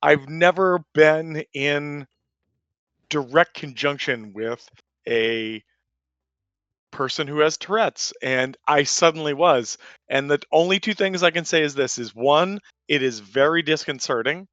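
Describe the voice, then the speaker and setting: Bright, cursing storyteller man in his forties. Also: on the high side, measured pace, no echo, muffled recording. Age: 40s. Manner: profane, rambling storyteller full of fillers. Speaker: player telling a story. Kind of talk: casual anecdote.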